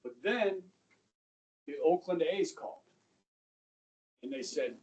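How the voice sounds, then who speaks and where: A middle-aged male high school history teacher telling a story to his class, checking in with "okay?" and acting out the people in it. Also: animated, slow, darkish tone. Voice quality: conversational, acts out quoted voices, asks "okay?" often. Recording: distant mic in a classroom, faint room noise.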